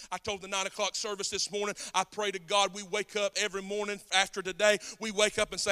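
A man with a Southern accent from South Georgia preaching a sermon as pastor, folksy and conversational, building up to shouted passages. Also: high voice, steady tone, fairly quick, hardly any pauses, clear, resonant tone.

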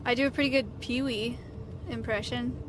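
A woman's voice: fairly high pitch, steady tone, moderate pace. A woman hosting a casual livestream from a car, teasing her companion in playful banter on a clip-on mic. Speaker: streamer host. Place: inside a moving car. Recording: loud road noise in a car.

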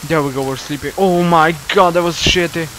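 A man's voice: a little high, steady tone, brisk, a bit bright, slight background noise, low-quality recording. Jumpy young man with Slovenian accent, panicky. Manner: jumpy, panicky, swears and repeats himself. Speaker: gaming YouTuber. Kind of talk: scared horror gameplay commentary.

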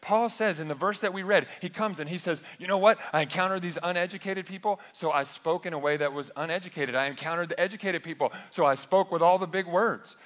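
A man's voice: sits high, fast talker, few pauses, fairly bright tone. A man preaching a sermon as pastor, conversational, often asking the congregation rhetorical questions. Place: church sanctuary. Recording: long echo of a church hall.

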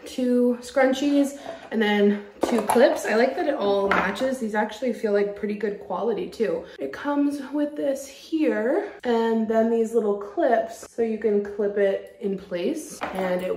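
A woman's voice: fairly high pitch, slow pace, darkish tone. A young woman casually vlogging at home to camera, chatty and giggly, full of "like" and "um". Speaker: lifestyle vlogger. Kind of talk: casual vlog chat to camera. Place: at home, bedroom.

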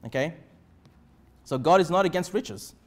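A man's voice: a little high, animated, normal speed. A male pastor preaching a sermon in church, emphatic, with repeated phrases and rhetorical questions. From Australia.

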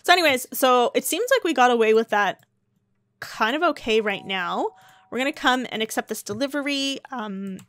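A woman's voice: on the high side, a bit bright. A young woman casually narrating a life-sim game story, chatty and rambling with lots of fillers. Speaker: let's play narrator.

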